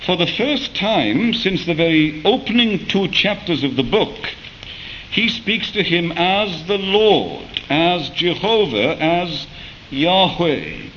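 Measured male preacher, dull lo-fi recording. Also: sits high, lively intonation, a bit bright, slight background noise. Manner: measured, rhetorical questioning with occasional hesitations. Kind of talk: sermon.

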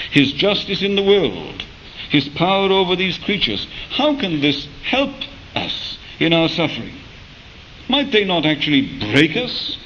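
Measured male preacher, dull lo-fi recording. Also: fairly high pitch, fairly bright tone, a little hiss or hum. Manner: measured, rhetorical questioning with occasional hesitations. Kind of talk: sermon.

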